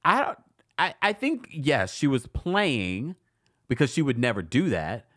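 A man's voice: mid-range voice, big pitch swings, measured pace, a bit bright. A man hosting a casual live-stream recap, reading viewer comments aloud and chatting with frequent laughs and asides. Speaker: recap show host reading live chat.

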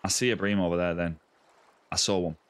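A man's voice: sits low, fairly even intonation, brisk. A young man on a live game stream, chatting casually and greeting viewers by name as mate and buddy.

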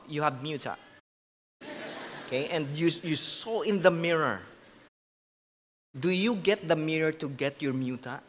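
Pastor, male, Filipino accent, fairly high voice, preaching in a church hall with long reverb, casual and joking. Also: fairly bright tone. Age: adult with a grown son. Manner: mixes English and Tagalog, conversational with jokes. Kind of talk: sermon.

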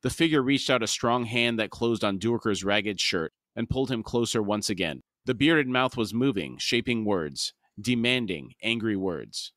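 A man co-hosting a book podcast, reading passages aloud in measured narration and adding explanatory asides. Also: lowish voice, lively intonation, fairly bright tone, dry recording, studio quality. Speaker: podcast co-host. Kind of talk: reading aloud and discussing a fantasy novel.

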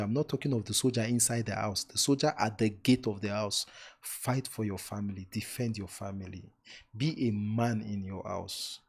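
A man hosting a live-streamed relationship talk, speaking warmly and emphatically to online viewers, repeating words for stress and closing with preacher-like blessings. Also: on the low side, slightly rough.

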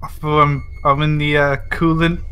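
A man in casual gaming chat with friends, easily flustered and quick to exclaim. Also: fairly high pitch, flat delivery, bright, forceful tone. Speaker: gamer streaming with friends.

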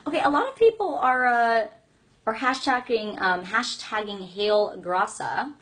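Breathy, bubbly young woman chatting to fans. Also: fairly high pitch, lively intonation, a little slow, a bit bright. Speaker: singer on a fan livestream. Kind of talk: casual livestream chat with fans.

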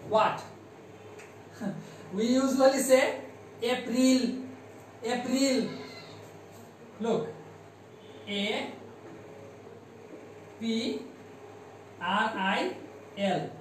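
A man with a Bangladeshi accent teaching English to primary pupils, slowly spelling words letter by letter and drilling their pronunciation. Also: very high-pitched, very echoey, recorded from a distance, a little hiss or hum, poor audio. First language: Bengali. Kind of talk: classroom lesson.

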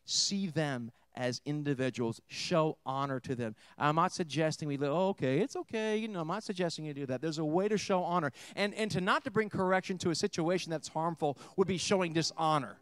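A pastor preaching, dry and close. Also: male voice, a little high, fairly quick, hardly any pauses, clear, resonant tone, no echo. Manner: storytelling, swings between hushed and emphatic. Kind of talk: sermon.

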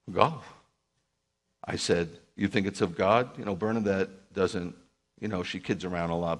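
A man, a Messianic rabbi, telling a story to a group in an emphatic sermon style and acting out quoted dialogue. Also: deep voice. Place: speaking live to a group.

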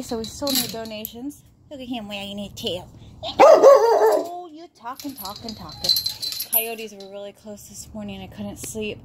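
A woman's voice: fairly high pitch, heavy background noise. A woman animal rescuer giving a casual vlog update outdoors, out of breath and cooing in baby talk to a dog.

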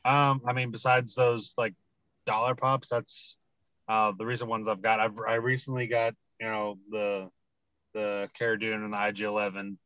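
A man's voice: fairly low pitch, little pitch movement, normal speed, sharp tone, clear, resonant tone, no echo, muffled recording. A man from the United States, a guest collector, chatting easily with lots of ums and you-knows. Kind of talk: casual video-call chat.

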